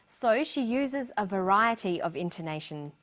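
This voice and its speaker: A woman narrating a scripted English lesson with slow, clear explanations. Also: medium pitch, expressive, fairly bright tone. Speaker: English teacher.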